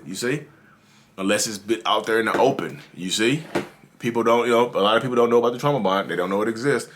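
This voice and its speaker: Low-voiced Southern man giving earnest advice. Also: fairly bright tone. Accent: Southern US drawl. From North Carolina, USA. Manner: earnest, repetitive, addresses viewers as y'all. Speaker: channel host. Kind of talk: casual advice monologue.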